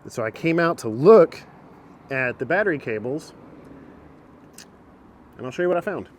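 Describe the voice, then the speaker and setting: A man's voice: fairly high pitch, expressive, moderate pace, a little hiss or hum. A man casually talking through a car repair in a vlog, chatty and self-mocking, recorded outdoors by a truck on a camera mic. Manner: chatty, self-mocking, gets long-winded.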